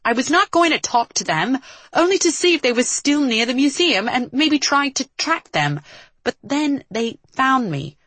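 A woman's voice: on the low side, sing-song, slow pace, hardly any pauses, pushed and bright, husky, no echo, full character voice. A woman voicing an aloof, stubborn young man who talks formally without contractions. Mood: defensive.

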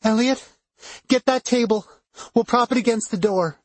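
A man voicing a distraught young woman who is crying and pleading in a high, breaking voice. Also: normal speed, dry recording. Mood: tearful.

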